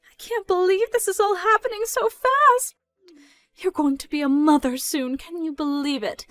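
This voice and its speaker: A woman's voice: fairly even intonation, moderate pace, no echo. A woman voicing a scornful, controlling mother. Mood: pushy. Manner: mocking, loud, rising in pitch when scolding. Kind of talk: dramatized story narration.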